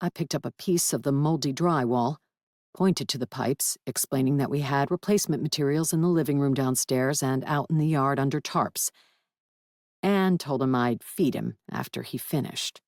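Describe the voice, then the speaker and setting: A woman narrating a first-person urban fantasy audiobook with wry, lively storytelling. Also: rumbling low, moderate pace, no room sound, studio quality.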